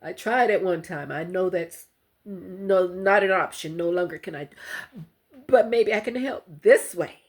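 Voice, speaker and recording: An older woman vlogger giving a halting, heartfelt personal account to her viewers. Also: lowish voice. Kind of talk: emotional personal testimony to camera.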